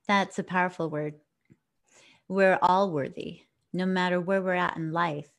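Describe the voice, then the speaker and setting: A woman's voice: fairly low pitch, steady tone, measured pace, creaky. A middle-aged woman hosting an inspirational talk show, speaking in an affirming, encouraging way to her listeners. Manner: affirming and encouraging, warm-hearted sign-offs. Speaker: podcast host. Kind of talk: upbeat inspirational chat.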